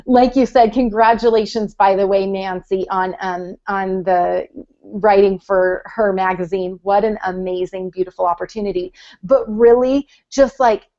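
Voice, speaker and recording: A woman's voice: mid-range voice, steady tone, measured pace, mellow, dull audio. A woman co-hosting a casual group chat, talking in a chatty, encouraging way with many fillers. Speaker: podcast co-host.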